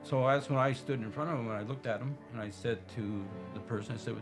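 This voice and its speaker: A man's voice: medium pitch, quick pace, music in the background. A man, a bystander who vividly retells an attack and quotes what each person said. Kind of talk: recounting a story in an interview.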